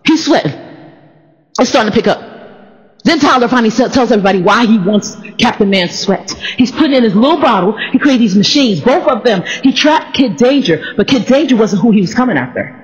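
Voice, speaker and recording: A woman's voice: on the high side, expressive, a little fast. A woman pastor preaching a playful sermon, stalling on p-sounds and calling out to the congregation. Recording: reverberant hall, dull sound.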